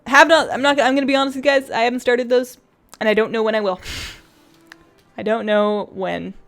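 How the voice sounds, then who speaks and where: A woman's voice: on the high side, steady tone, a little fast, a bit bright, soft background music. A woman game streamer chatting casually during a live stream, reading chat aloud and laughing often.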